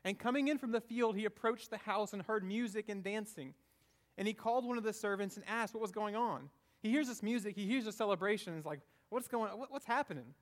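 Male preacher, high voice, conversational sermon, tags lines with "right?". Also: fast talker.

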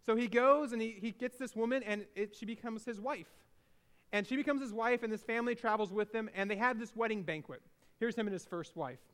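High-voiced man retelling a Bible story. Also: fairly quick. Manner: casual, animated retelling with restarts. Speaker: preacher. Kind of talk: sermon storytelling.

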